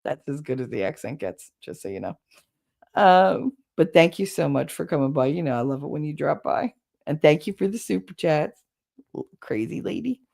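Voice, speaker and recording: A middle-aged woman hosting a casual livestream, talking bluntly with plenty of swearing and quick laughs while she chats with viewers. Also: low voice, creaky. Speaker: livestream host.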